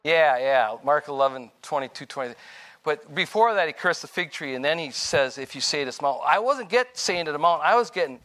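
An older man preaches a rambling, informal testimony sermon, his slightly high voice expressive, brisk, pushed and bright. He corrects himself as he goes and chuckles between points.

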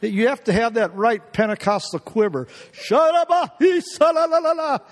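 A man's voice: high-pitched, moderate pace, in a large hall. A middle-aged man preaching a folksy sermon full of personal stories, chuckling often and restarting his sentences. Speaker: guest preacher. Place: church.

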